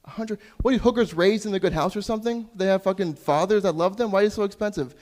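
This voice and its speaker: A man's voice: high voice, fast talker, a little mellow. A young Canadian man doing open mic stand-up, crude and self-deprecating, sometimes losing track of his jokes. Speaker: stand-up comedian. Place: small comedy club stage.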